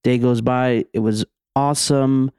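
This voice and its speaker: A man's voice: mid-range voice, steady tone, a little slow, a little mellow, smooth, no echo, clean studio sound. A young man co-hosting a podcast, telling stories in a laid-back way full of slang. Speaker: podcast co-host. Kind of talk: casual chat.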